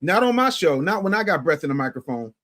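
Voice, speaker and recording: Male streamer, chat-reading commentary, pitched a little high, emphatic, repeats himself, volume swings. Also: fast talker. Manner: animated, swings from loud to low and muttered; emphatic, repeats phrases for effect. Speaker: livestream host.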